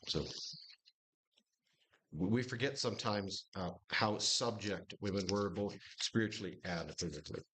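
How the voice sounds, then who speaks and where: A man's voice: fairly low pitch, normal speed, fairly bright tone, a little hiss or hum. A man teaching a Bible study group in a conversational style, restarting phrases and lifting his voice when quoting scripture.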